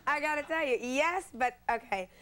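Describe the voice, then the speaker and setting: A woman in her thirties with a light Southern accent, telling stories in a casual interview. She speaks in a fairly high voice and acts out the people she quotes. She laughs easily between lines. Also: moderate pace. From North Carolina. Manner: lively storyteller, laughs often, slips into quoted voices. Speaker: guest actress.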